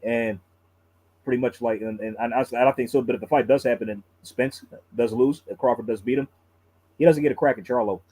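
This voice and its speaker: Fast-talking man with a mellow voice. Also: medium pitch, fairly even intonation, slightly rough, low-quality recording. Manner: firm opinions, repeats himself when weighing a point. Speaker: guest commentator. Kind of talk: casual boxing talk on a live stream.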